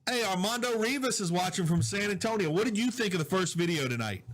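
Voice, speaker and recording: A man with a somewhat high voice hosts a live stream from his home office. He chats easily, greets viewers and reads their comments aloud. His mic is quiet and a little weak. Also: expressive, fast. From Southwest Louisiana. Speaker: digital host. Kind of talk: casual live-stream chat. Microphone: low-volume mic with problems.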